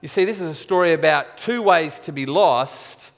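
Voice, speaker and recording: A man's voice: on the high side, normal speed, vocal fry. A man preaching a sermon in a conversational, wry storytelling manner, in a church. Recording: church hall with long reverb.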